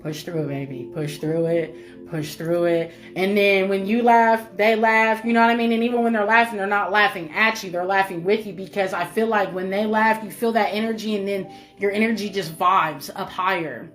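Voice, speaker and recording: A woman's voice: medium pitch, fairly even intonation, a little fast, hardly any pauses, a bit bright, soft background music. A woman delivering a spiritual message to her viewers, emphatic and repetitive, swearing freely and calling the listener baby. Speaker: spiritual reader.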